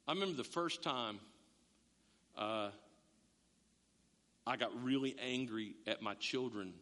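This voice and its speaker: A middle-aged man preaching a sermon as a pastor, animated, acting out voices and often restarting his words. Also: fairly low pitch. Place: church sanctuary. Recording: long reverb of a church hall.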